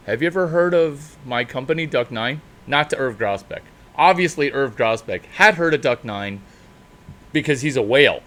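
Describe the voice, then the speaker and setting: A man talking off the cuff as a startup mentor, in an animated, unscripted monologue with sudden jumps in pitch and loudness and drawn-out emphasis.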